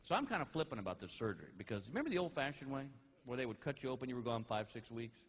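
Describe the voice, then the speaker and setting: A middle-aged man doing stand-up comedy, animated, shouting his punchlines and laughing through his lines. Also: medium pitch, very fast, long reverb tail, some chatter behind, a little hiss or hum.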